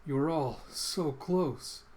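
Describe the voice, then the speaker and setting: A man's voice: fairly high pitch, very slow, a little mellow. A man voicing a sinister woman inquisitor commander with a taunting, dreamy way of talking. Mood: eerie.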